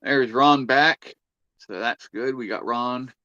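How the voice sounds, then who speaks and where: A man's voice: mid-range voice, slow pace, bright, forceful tone, no room sound, dull audio. A man hosting a casual livestream chat, easygoing and chatty, reading out viewer comments. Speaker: livestream host.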